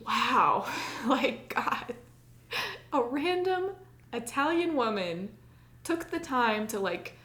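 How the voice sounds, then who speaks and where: A woman's voice: fairly high pitch, a bit bright, roomy sound. A woman on a podcast telling a personal story in casual chat, full of "like" and acting out her own past lines. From United States. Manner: chatty, many likes, acts out her own past lines. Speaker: podcast co-host.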